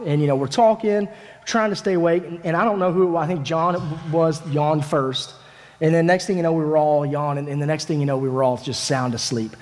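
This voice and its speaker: A man, a families minister, preaching a sermon as a lively first-person story told in the voice of a disciple, with casual, dramatic phrasing. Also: fairly high pitch, brisk. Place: church sanctuary. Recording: echoey church hall.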